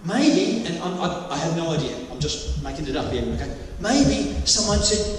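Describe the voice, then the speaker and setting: A man's voice: fairly high pitch, very animated, normal speed, hardly any pauses, a little hiss or hum. A man preaching a sermon, telling anecdotes with jokey asides and little voices. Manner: anecdotal, jokey, with bursts of mimicry. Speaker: pastor. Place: church hall. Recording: echoey hall, mic from far off.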